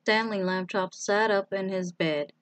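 Slow, deliberate woman reading a storybook. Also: mid-range voice, no echo. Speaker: storybook reader. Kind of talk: reading a children's book aloud.

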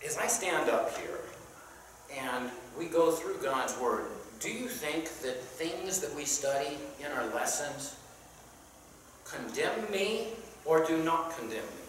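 A Sunday school teacher leading a Bible class in a church, talking conversationally with many pauses and questions to the class, and reading scripture aloud in King James wording. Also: medium pitch, animated. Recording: very echoey room, mic far off, faint background noise.

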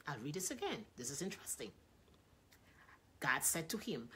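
Bright, breathy woman preaching. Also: sits low, moderate pace, pauses often. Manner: reads aloud, acts out voices, grows loud and excited. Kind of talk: sermon reading from a book.

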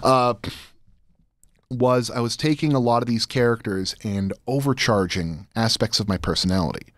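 A young man chatting as a podcast guest, excitable and rambling, full of restarts and fillers. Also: medium pitch, moderate pace, no echo. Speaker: guest, audio drama creator. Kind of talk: casual chat.

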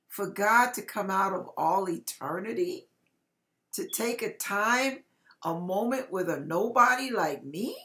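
A woman ministry speaker sharing a heartfelt personal testimony. She speaks earnestly and tenderly, with emotional swells and soft, trailing endings. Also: mid-range voice.

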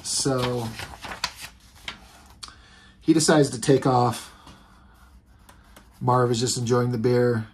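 A man talks through a comic book in a loose, casual review. He rambles, restarts and fills gaps with ums. His voice sits at an ordinary middle pitch. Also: steady tone, slow, pauses often, slight background noise. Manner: rambling, filler-heavy.

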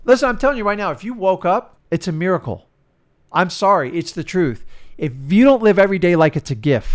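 Emphatic middle-aged man preaching. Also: fairly high pitch. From United States. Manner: emphatic, preachy, repeats himself. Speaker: real estate coach. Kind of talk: motivational talk.

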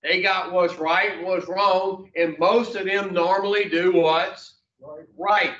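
Slow and fairly even in intonation, his voice sits high with a touch of brightness. He leads a recovery class in a blunt, folksy manner with mild cursing, and the room recording sounds echoey, far off, and dull.

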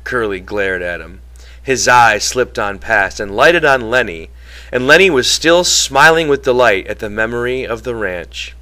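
A man narrating a novel as an audiobook in a measured, dramatic way. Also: medium pitch, lively intonation, bright, forceful tone. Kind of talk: novel reading.

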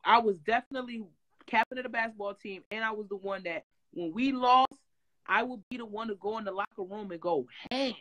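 A woman from Detroit telling stories in a casual interview, animated and profane, loudly acting out what people said. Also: mid-range voice, a little fast, poor audio. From Detroit, USA. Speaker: guest.

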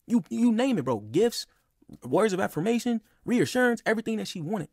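A man's voice: sits high, sing-song, brisk, vocal fry, dry recording, clean studio sound. A young man telling a personal story in a casual, rambling and heated way, with lots of "bro" and "like.". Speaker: podcast speaker.

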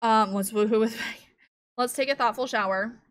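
A woman's voice: on the high side, moderate pace. A woman giving casual gameplay commentary at home into a desk microphone, chatting as she thinks aloud and cooing to her cat. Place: home room at a computer.

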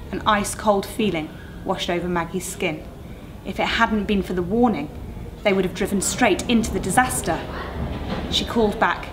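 A woman on a school staff reading a ghost story aloud in a measured, suspenseful way. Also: medium pitch. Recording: noisy recording.

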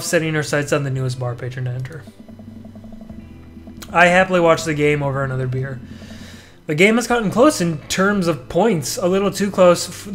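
A man's voice: a little high, a bit bright. A young man playing a dating game, reading its text aloud with playful, joking asides. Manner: playful, quick asides, reads dialogue aloud. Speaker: let's-play gamer.

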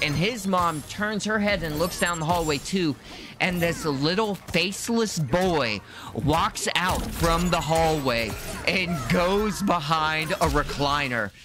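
A man's voice: fairly high pitch, animated, measured pace. A man streaming a fighting game, telling a story in a rambling, casual way, full of "like" and swearing. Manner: rambling, swears, trails off with "like" and "right". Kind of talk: casual storytelling while gaming. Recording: game music behind the voice.

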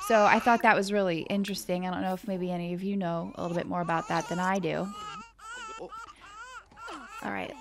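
Young woman, let's-play host, animated casual chatter, fairly high voice, faint background noise. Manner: chatty and animated, talking to viewers while playing. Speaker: gaming channel host.

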